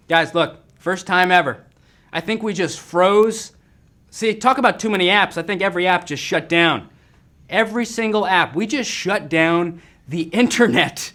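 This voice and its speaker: A man hosting a live trivia game, excitable and jokey with quick banter between questions. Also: sits high. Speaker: game show host.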